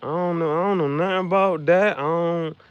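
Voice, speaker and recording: A man's voice: a little high, fairly even intonation, fairly quick, clear, resonant tone, no room sound, lo-fi sound. A man chatting casually on a livestream about his shirt designs, rambling and slangy, jumping between topics. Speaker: streamer designing merch shirts.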